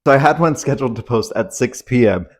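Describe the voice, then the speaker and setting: A young vlogger at home tells his camera a story, rambling, anxious and swearing freely. His medium-pitched voice is fast with lively intonation.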